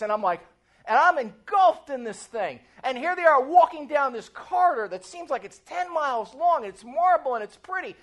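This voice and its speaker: A woman pastor preaching a sermon, animated and asking her congregation questions. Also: high-pitched.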